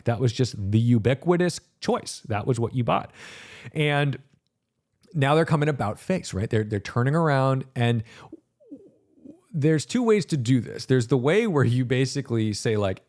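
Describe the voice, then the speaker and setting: A male car reviewer hosts a solo podcast in a loose, rambling monologue. His voice sits at an ordinary middle pitch, and his tone turns sarcastic as he drifts into mock quotes. He sounds casual and unscripted throughout. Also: expressive, a little fast.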